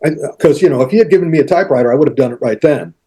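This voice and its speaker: Older man, husky, mellow storyteller. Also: medium pitch, racing. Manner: animated anecdotes, acts out quotes, frequent restarts. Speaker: interview guest, author. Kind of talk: casual storytelling interview.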